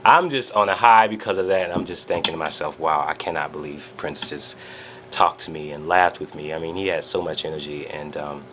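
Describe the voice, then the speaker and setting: A man vlogging an excited personal recap, telling a story with lots of fillers and acting out the quotes. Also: a bass voice, brisk, a little hiss or hum.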